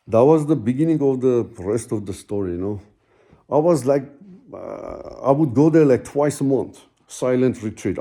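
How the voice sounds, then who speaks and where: Man, storyteller. Very dark, mellow tone, middle pitch; heartfelt, rambling, casual asides. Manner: rambling, heartfelt, full of "you know" and "man". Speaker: vlogger telling his own story.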